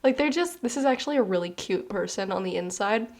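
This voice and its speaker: A young woman doing a casual pick-a-card tarot reading, chatty and animated, with many fillers and easy laughs. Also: mid-range voice, fast. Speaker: tarot reader.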